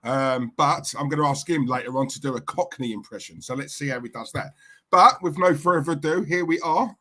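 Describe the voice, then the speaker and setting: A chatty man hosting a casual fan livestream. His voice sits a little high for a man, and he keeps the talk light and jokey as he reels off shout-outs to the chat. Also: brisk. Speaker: livestream host.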